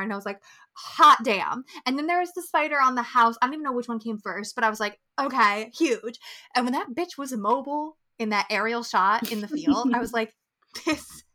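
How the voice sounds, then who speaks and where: Young woman cohost, swears a lot and gushes, bright sharp voice, a bit high. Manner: exuberant, profane, gushing. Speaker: podcast co-host. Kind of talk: casual chat.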